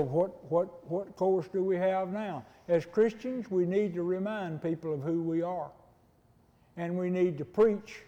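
A man's voice: high voice, mellow. An older man preaching a folksy, conversational sermon and acting out little dialogues. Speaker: pastor. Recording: long hall reverb.

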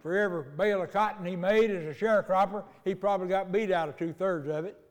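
An older male pastor with a high-pitched voice preaches in a folksy, storytelling way. His words ring out with a long reverb, as in a church hall. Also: quick pace. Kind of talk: sermon.

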